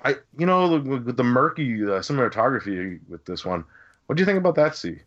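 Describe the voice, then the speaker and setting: A man's voice: mid-range voice, very animated, a little fast, fairly bright tone. A man co-hosting a casual film review podcast, easygoing and rambling with fillers. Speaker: podcast co-host. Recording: dull lo-fi sound.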